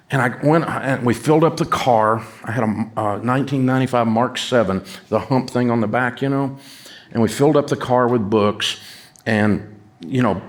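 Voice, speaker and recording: A middle-aged man with a Southern US accent, telling a folksy, self-mocking story to an audience. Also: mid-range voice. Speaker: speaker addressing an audience. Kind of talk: storytelling talk.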